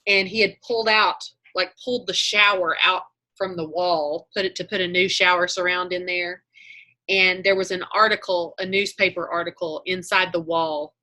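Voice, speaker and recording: Chatty bright-voiced woman on a video call. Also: fairly low pitch, fairly even intonation, moderate pace. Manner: chatty, meandering, self-correcting. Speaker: online group leader. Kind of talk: casual chat on a video call.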